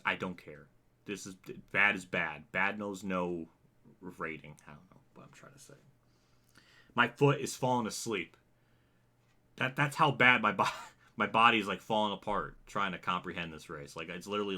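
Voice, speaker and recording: A man hosting a racing channel, delivering an exasperated, profane rant with halting restarts. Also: on the low side, pushed and bright. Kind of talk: angry rant to camera.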